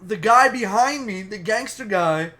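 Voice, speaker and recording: A young man excitedly telling a wild story in a casual, profane, animated way. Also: high voice, unhurried. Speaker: storytime vlogger.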